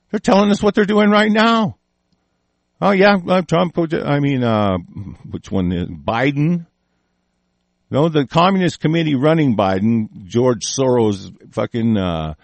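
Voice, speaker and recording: A man's voice: on the high side, creaky, no room sound. A man giving a heated, profane monologue, swearing often and breaking off mid-sentence to restart. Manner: reads aloud passages and interrupts them with his own comments. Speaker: commentator. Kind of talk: angry ranting monologue.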